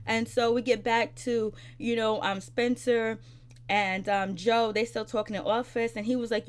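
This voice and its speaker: Woman reviewer, slightly high voice, casual chatty recap, acts out the characters' lines. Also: fairly even intonation, moderate pace. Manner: chatty, loose retelling with many fillers, voices characters' lines. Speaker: TV episode reviewer.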